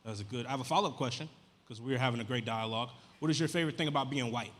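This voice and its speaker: Guy doing standup, quick and bright, deadpan, big reverby club. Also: medium pitch, a little hiss or hum. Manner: deadpan, chatty crowd work with casual slang. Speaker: stand-up comedian. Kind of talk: stand-up comedy set. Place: comedy club stage. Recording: live venue with long reverb.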